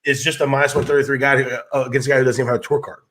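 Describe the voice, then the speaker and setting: A man's voice: medium pitch, flat delivery, fairly bright tone. A man talking golf betting picks in casual podcast chat, emphatic and stumbling over repeated words. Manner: quick, stammering repeats, emphatic.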